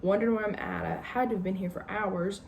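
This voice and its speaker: A woman's voice: medium pitch, fairly even intonation, fast talker, gravelly, a little mellow, slight background noise, natural voice. A woman voicing an earnest, truthful young girl who talks eagerly and insistently. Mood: apologetic.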